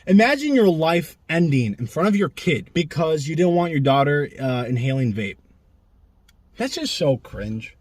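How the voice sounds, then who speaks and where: A young man ranting sarcastically in an animated vlog monologue, filming himself outdoors near a street. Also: fairly high pitch, normal speed. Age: young adult. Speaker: vlogger. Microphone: camera he films himself with.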